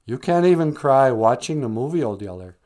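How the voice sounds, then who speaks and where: A man's voice: mid-range voice, expressive, fairly quick, darkish tone. A man hosting a live stream, talking casually and with dry humor about emotions and spirit. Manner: wry, joking, conversational, slips into comic voices. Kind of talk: casual teaching monologue.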